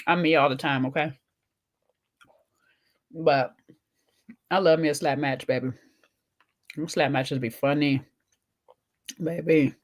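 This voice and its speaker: A woman's voice: sits low, steady tone, takes it slowly, pauses often. A woman, co-hosting a casual chat show, talking to viewers while eating, with teasing asides. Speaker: podcast co-host.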